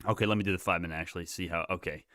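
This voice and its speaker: A man giving live stock market commentary, excitable and hyped, laughing often and swearing casually. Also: low-pitched, very fast, dry recording, studio quality.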